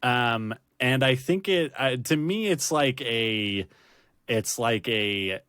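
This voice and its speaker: A man's voice: mid-range voice, slow, a bit bright, clear, resonant tone, no echo, studio quality. A man hosting a casual rewatch podcast, laughing often and rambling through fillers and restarts. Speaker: podcast host.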